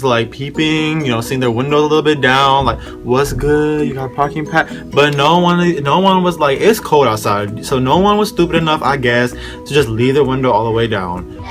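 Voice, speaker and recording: A man's voice: mid-range voice, normal speed, over music. A young man telling a story in a casual vlog, rambling and slangy as he talks straight to his viewers. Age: young adult.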